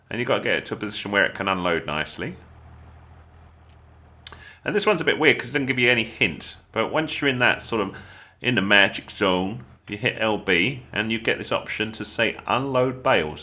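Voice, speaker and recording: Speaking at normal speed with big pitch swings, this English man has a voice on the low side and a sharp tone. He's a gaming channel host offering chatty, jokey gameplay tutorial commentary.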